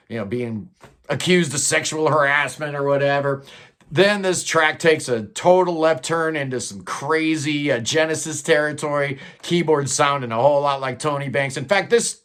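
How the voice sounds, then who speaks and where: A man's voice: mid-range voice, fairly bright tone. A man giving a casual, rambling album review, enthusiastic and full of fillers. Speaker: music reviewer.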